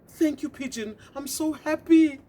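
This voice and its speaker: A woman's voice: on the high side, moderate pace, husky, pitched above the performer's own voice. A woman voicing a sad little female tortoise in a storybook tale, pleading and tearful.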